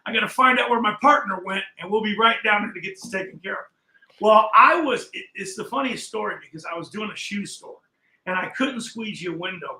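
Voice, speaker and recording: A man's voice: high-pitched, pushed and bright, echoey room, rough recording. An older man casually telling a long story as a podcast guest, acting out the people he quotes.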